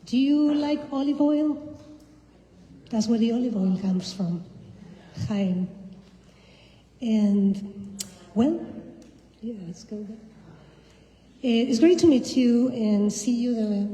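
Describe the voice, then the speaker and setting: A woman poet with a Spanish accent giving a slow, deliberate live poetry reading to an audience, her lines often trailing off softly. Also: on the high side, animated. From Spain. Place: indoor reading venue with an audience. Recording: echoey hall with long reverb.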